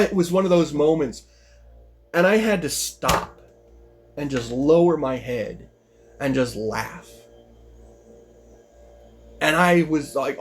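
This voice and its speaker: A man telling a personal story in a casual vlog, rambling with lots of "you know" and "like" and voice jumps up when he gets worked up. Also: mid-range voice. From United States. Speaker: vlogger.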